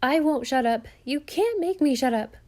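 A woman's voice: medium pitch, fairly even intonation, normal speed, mellow, lightly acted. A woman voicing a bossy, sassy young girl who scolds her family in a storybook reading. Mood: defiant. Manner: indignant, scolding.

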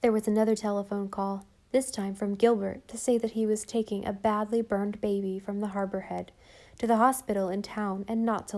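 Woman audiobook narrator, gentle and expressive, mellow warm tone. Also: mid-range voice. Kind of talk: scripted narration.

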